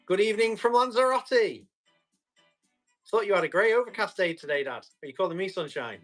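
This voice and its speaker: A man's voice: sits high, animated, a little fast, a bit bright, faint music behind. A man hosting a live tool sale, chatting with viewers, answering their comments and describing each item while he tests it. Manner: describes items while testing them. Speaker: live-stream tool seller. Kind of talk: casual live auction chat.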